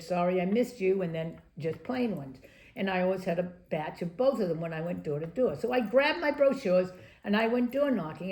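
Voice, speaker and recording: Older woman telling lively stories, echoey room. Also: medium pitch. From Maryland, USA. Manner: lively raconteur, acts out quotes, laughs often. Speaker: interviewee, former political candidate. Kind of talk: anecdotal storytelling.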